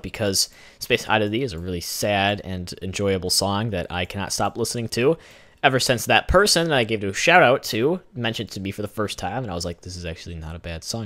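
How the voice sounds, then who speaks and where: A young man hosting a gaming channel, rambling through chatty let's play commentary and filling the silence with asides. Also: on the low side. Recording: game music playing underneath.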